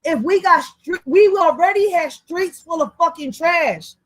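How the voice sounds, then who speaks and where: A high-pitched young woman rants on a livestream, animated, profane and heated. The recording is dry and close, with almost no room sound. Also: measured pace, no room sound, poor audio. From Philadelphia. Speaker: vlogger. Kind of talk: livestream rant.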